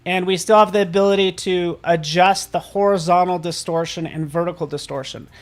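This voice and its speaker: A man hosting a live software tutorial, upbeat and chatty, talking to viewers in the chat and joking about himself. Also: high-pitched, fairly even intonation, a little fast, soft background music. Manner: casual and self-joking. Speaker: host and software instructor.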